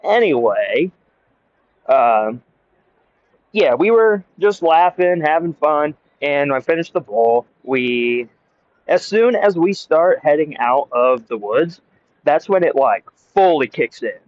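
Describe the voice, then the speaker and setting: A man's voice: on the high side, lively intonation, takes it slowly, no room sound. A young American man casually telling a rambling story outdoors into earbud mics, laughing often. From United States. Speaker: storyteller vlogger. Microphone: earbuds mic. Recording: dry, muffled lo-fi earbud recording.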